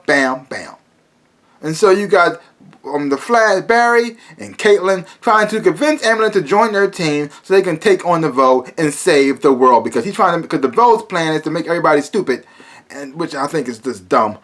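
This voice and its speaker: A man's voice: a little high, lively intonation, brisk, a bit bright. A man casually reviewing a TV episode, rambling with many restarts and fillers and breaking into exasperated asides.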